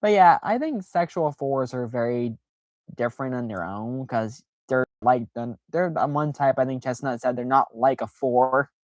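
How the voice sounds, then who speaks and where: A woman's voice: extremely low pitch, lively intonation, moderate pace, a little mellow, no room sound. A woman streaming a casual, rambling chat, full of fillers and self-deprecating asides, who acts out quoted reactions in playful voices.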